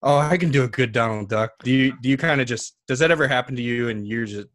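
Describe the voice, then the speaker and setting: A man co-hosting a casual interview, asking slow, rambling questions. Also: medium pitch, fairly bright tone, no room sound, studio quality. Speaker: podcast co-host.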